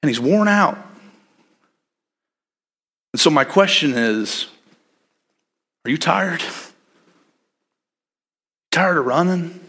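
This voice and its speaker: A man's voice: fairly high pitch, lively intonation, slow, pauses often, sharp tone, slightly rough. A man preaching a sermon in a conversational, reflective and earnest way. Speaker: pastor.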